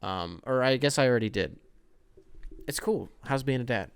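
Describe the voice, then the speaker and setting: Young man, solo podcast host, rambling, profane, sudden loud outbursts, middle pitch, dry close mic. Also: lively intonation, moderate pace, smooth, no echo. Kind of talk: casual solo podcast monologue.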